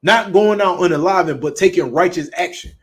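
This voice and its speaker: Blunt high-voiced Southern preacher man. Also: fairly quick. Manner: blunt, emphatic, profane. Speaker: street preacher. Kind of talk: preaching talk.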